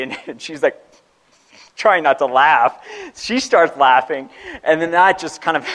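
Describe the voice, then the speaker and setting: A man's voice: mid-range voice, low-quality recording. Man telling a personal story, laughing. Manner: laughs often, many restarts, drops to a hush for serious moments. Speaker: speaker sharing a personal story. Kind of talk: casual heartfelt storytelling.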